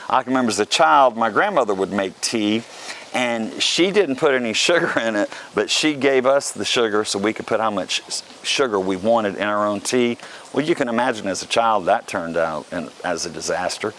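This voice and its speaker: A man from the Carolina coast talks casually to the camera, with a fairly low voice. His delivery is folksy and chatty, full of little jokes. Faint background noise sits under the voice. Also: moderate pace, a bit bright. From South Carolina Lowcountry. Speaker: vlog host.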